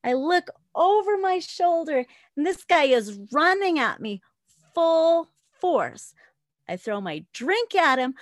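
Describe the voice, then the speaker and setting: Loud woman in her 40s telling a story, high voice, lots of laughing, dry close mic. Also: dry recording. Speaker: guest, former dancer with a podcast. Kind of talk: storytelling interview.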